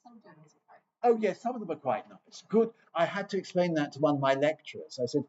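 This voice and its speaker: A man's voice: a little high, animated, quick pace, a little mellow, dull audio, a little hiss or hum. A man from England giving an informal lecture on scripture, chatty and digressive with wry asides.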